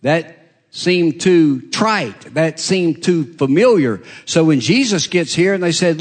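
A middle-aged pastor delivers a sermon in a conversational, expressive manner, pausing and starting over as his pitch rises and falls.

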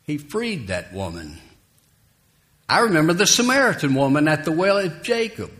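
A man's voice: fairly high pitch, normal speed. A man preaching a sermon, emphatic and dramatic, voicing the people in the story as he retells it. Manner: lively, emphatic preaching, rising loud for quoted lines.

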